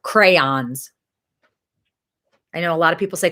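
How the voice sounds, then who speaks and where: A woman, hosting a casual church chat, chatty and rambling and quick to laugh. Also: low voice, sharp tone. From Missouri.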